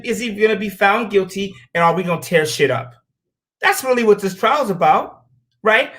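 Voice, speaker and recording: In a high, slightly bright voice, a man from the U.S. hosts his show with a heated, cursing monologue of opinions. He's blunt throughout and tells stories, acting out the quotes.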